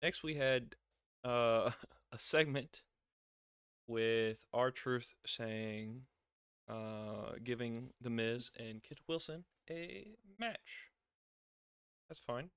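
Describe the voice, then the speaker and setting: A young man talks through a show in a relaxed, chatty way, laughing often and acting out what people said. His voice is bright and crisp. The sound is dry and close. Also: medium pitch, extremely slow, pauses often, no echo. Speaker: wrestling reviewer. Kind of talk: casual show review.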